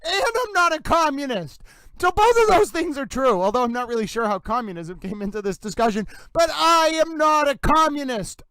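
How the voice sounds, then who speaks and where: A man's voice: extremely high pitch, fairly bright tone, clear, resonant tone, no echo. A man hosting a livestream, chatting playfully with his viewers and making theatrical, emphatic declarations. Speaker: livestream host. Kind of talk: casual livestream chat.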